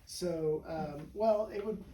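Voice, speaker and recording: A man with a slightly high, warm voice talks slowly. A chiropractor by trade, he rambles about patients in a casual interview, heavy on "you know" and "right?". The sound is echoey and distant, with a faint background hum.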